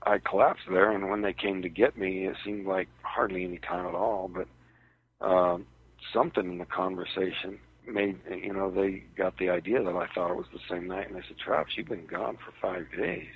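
A man recounting a personal ordeal as an interview guest, in a halting, hesitant way, heard over a tinny phone line on radio. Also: low-pitched, level tone, breathy edge.

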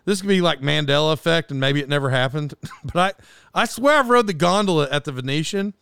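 A man spins a meandering story in an easygoing monologue, tripping over his own restarts and laughing as he goes. His voice sits a bit high and comes across smooth, recorded close and dry with no room around it. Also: animated, brisk, a bit bright, no echo. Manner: rambling, self-doubting, laughs often, many restarts.

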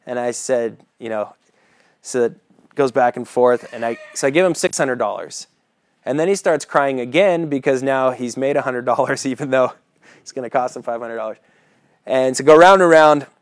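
A man delivers a sermon as a relaxed personal story, chuckling between lines and checking in with "right?" as he goes. His voice sits in an ordinary middle pitch, and the mic is close and dry. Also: moderate pace, no room sound. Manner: casual storytelling with chuckles and asides; keeps asking "right?" as he preaches. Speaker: preacher.

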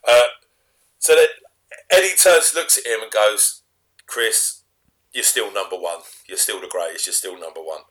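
A man recapping a wrestling show in a rambling way, often trailing off quietly. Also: fairly low pitch, moderate pace, pauses often. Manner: rambling recap, drops to a mumble. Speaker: co-host. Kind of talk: casual chat.

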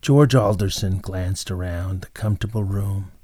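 A man narrating an old tale in a measured, dramatic way. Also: low voice, mellow. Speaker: storyteller. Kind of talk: scripted narration.

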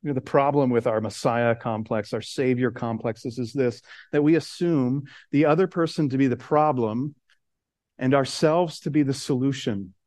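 A man preaching a sermon, earnest, slowing and dropping soft on key words, then rising as he builds. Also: dry recording. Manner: earnest, rises in pitch and intensity as he builds. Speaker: pastor.

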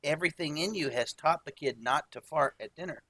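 A man's voice: a little high, a little fast, bright, forceful tone, no room sound. A man co-hosting a casual podcast, speaking in a laid-back, joking way. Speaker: podcast co-host.

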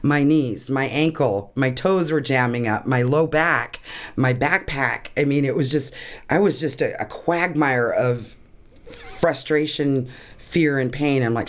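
A woman's voice: extremely low pitch, a little slow. Emotional woman telling a personal story. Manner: earnest, emotional, laughs often. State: tearing up. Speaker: guest.

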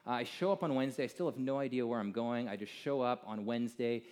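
A middle-aged American man speaking to a gathered audience, his voice sitting at an ordinary pitch for a man. He tells his story in a loose, chatty way, full of "you know" and "like", drifting from lively to softer moments. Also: quick pace. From United States. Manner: casual, animated storytelling with many fillers.

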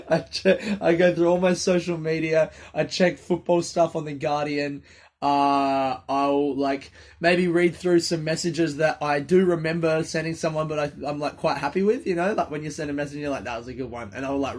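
Brief: young Aussie comic, slightly high voice, sniffly, loose rambling solo podcast talk, casual swearing. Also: male voice, steady tone, normal speed. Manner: rambling, self-deprecating, swears freely. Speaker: comedian podcast host.

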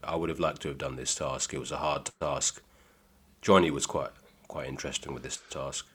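A man with an extremely deep, husky voice trades stories on a podcast. His delivery is dry and deadpan, and his jokes are played straight. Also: a little fast. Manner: deadpan, dry comic storytelling. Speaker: comedian guest. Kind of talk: casual podcast chat.

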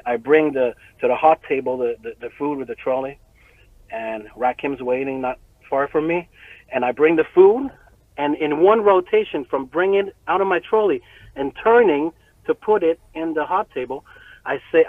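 A man casually telling a long story, animated and profane, often laughing as he talks. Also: a little high, moderate pace, no echo, narrow, tinny audio.

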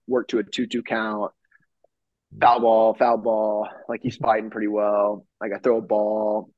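A young man talks loosely and eagerly, full of "like" and "you know," and jumps into the voices of the people in his story. His pitch sits in a middle range, and the sound is dry and a bit dull, as from a remote call. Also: no echo. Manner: animated storyteller, acts out quoted exchanges, many fillers. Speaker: professional baseball pitcher, guest. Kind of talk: casual interview storytelling. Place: home studio.

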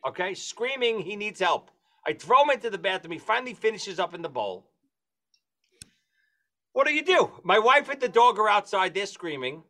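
A man telling a comic story among friends, acting out the voices of the people in it with shrill squeals. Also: sing-song, a little fast, bright, forceful tone. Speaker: podcast host telling a story.

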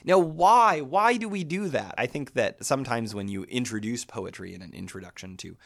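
A man in his thirties lecturing on poetry as a literature teacher, thoughtful and animated, thinking aloud with small restarts. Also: mid-range voice, normal speed, vocal fry.

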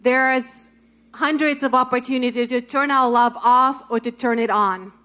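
High-voiced woman, casual encouraging preacher. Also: steady tone, moderate pace, pushed and bright. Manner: casual, encouraging, many fillers like "like" and "right?". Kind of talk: conversational sermon.

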